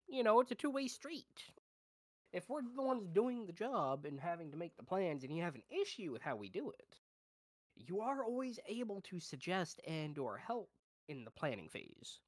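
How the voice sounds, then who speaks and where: A woman's voice: on the low side, big pitch swings, moderate pace, darkish tone, no room sound, clean studio sound. A woman playing a tabletop game, making an assertive case in character. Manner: assertive, reasoning. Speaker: player. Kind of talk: in-character tabletop role-play.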